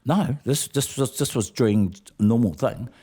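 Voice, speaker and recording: A man's voice: mid-range voice, normal speed, dark tone, breathy edge. A man, a guest telling rambling stories in a casual interview, with many restarts.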